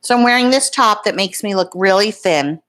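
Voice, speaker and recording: A rambling woman in her fifties chats casually to her viewers, greeting them by name as she goes. Her voice sits in a middle pitch, and her talk wanders easily from one thing to the next. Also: expressive, moderate pace, a bit bright. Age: 50s. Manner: rambling, chatty, talks to live viewers by name. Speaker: beauty vlogger. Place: home in Florida.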